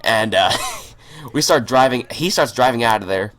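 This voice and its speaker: A man's voice: mid-range voice, animated, moderate pace, a bit bright. A man telling a story in a rambling, profane way over gameplay, stammering and restarting his sentences. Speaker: gaming channel host.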